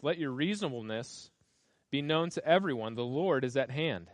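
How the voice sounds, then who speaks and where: A man's voice: medium pitch, lively intonation, moderate pace, dry recording. A man preaches in an emphatic, building cadence, pressing on repeated phrases as he reads scripture aloud. His voice sits in an ordinary middle register and the sound is close and dry, with little room around it. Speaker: pastor. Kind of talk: sermon.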